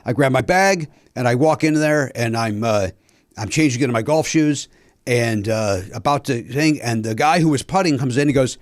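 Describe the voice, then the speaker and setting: A man's voice: a little high, brisk, no room sound, studio quality. A man hosting a podcast, telling a story in casual chat, acting out the dialogue and swearing. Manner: animated, acts out quoted dialogue, swears. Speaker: podcast host.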